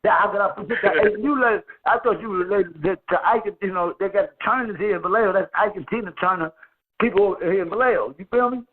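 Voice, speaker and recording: Speaking a little fast in a high voice, a man hosts a relaxed call-in conversation by phone from a friend's house. His stories are loose and profane, he laughs often, and the line is tinny with faint noise.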